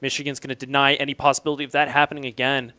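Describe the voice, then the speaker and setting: A man's voice: medium pitch, flat delivery, racing, pushed and bright, clear, resonant tone. Upbeat young male esports commentator. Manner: upbeat, explains strategy at length. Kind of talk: live play-by-play commentary.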